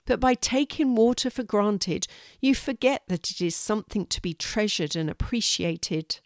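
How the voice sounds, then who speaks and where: A woman's voice: medium pitch, lively intonation, moderate pace, dry recording, voice pushed up, natural voice. A wise, patient female guide from a children's story, voiced by a woman reading aloud. She explains things steadily and kindly, like a teacher. The recording is dry and close. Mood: explaining.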